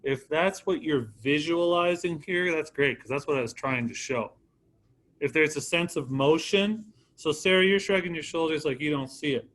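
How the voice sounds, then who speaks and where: A man's voice: on the high side, moderate pace, a bit bright. A man teaching an art class in an informal, encouraging way, calling on students by name.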